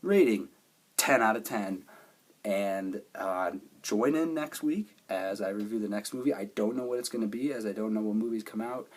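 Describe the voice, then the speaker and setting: A man's voice: on the low side, normal speed. A man giving a casual movie review, eagerly retelling the plot in a rambling way.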